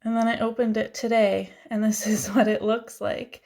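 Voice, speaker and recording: A woman's voice: fairly high pitch, little pitch movement, normal speed, a little mellow. Chatty woman beauty vlogger. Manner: chatty, self-deprecating, laughs often. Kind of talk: casual chat.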